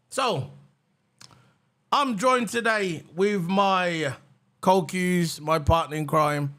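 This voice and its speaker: A man's voice: high-pitched, drawn-out words, long pauses, fairly bright tone. A man hosting a reaction livestream, ranting heatedly and mocking, repeating phrases for emphasis. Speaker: livestream host.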